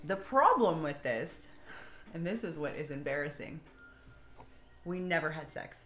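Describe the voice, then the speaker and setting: A woman's voice: sits low, animated, a little slow, fairly bright tone. A woman guest on a podcast, telling her own dating story candidly and calling herself stupid, with many fillers. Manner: candid, self-deprecating, lots of fillers. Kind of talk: casual confessional chat. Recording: echoey room, faint background noise.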